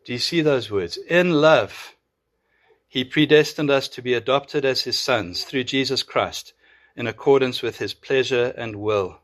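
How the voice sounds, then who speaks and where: A man preaching a sermon, earnest and emphatic, slowing to draw out key words. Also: mid-range voice, fairly bright tone. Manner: earnest, with emphatic drawn-out pauses. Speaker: pastor.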